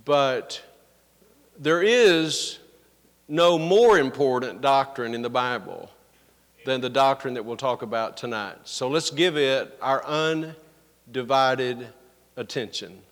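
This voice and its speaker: A man preaching an emphatic evening sermon as pastor, reading scripture slowly and pressing his points with earnest stress. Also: mid-range voice, fairly bright tone. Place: church sanctuary. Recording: long reverb of a large hall.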